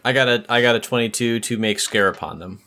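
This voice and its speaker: A man's voice: medium pitch, fast talker, sharp tone. A man playing a tabletop game, jokey and playful with fillers. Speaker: player. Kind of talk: casual tabletop game play.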